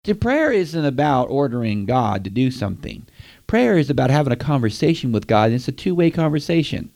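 A man's voice: medium pitch, big pitch swings, fairly quick, gravelly, a little mellow. A man preaching a sermon, speaking straight to his listeners and asking them questions. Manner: direct, asks the listeners questions.

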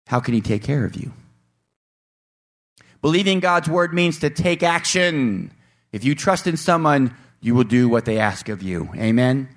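A male pastor preaching a sermon in a church, asking the congregation rhetorical questions and slowing down to stress scripture. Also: medium pitch. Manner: slows down to stress scripture readings.

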